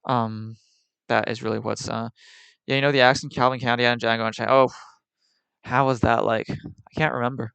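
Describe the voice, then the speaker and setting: A man's voice: medium pitch, level tone, normal speed, vocal fry, pauses often, a bit bright, clear, resonant tone, no echo. A man live-streaming in casual chat, opinionated and rambling with many fillers.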